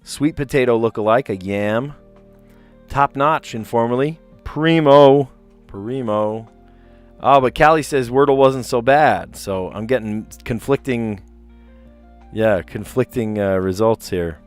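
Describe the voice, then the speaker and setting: A man's voice: medium pitch, a little slow, faint music behind. A man hosting a casual livestream, reading puzzle clues aloud and drifting into chatty, amused asides. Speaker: livestream host solving word puzzles.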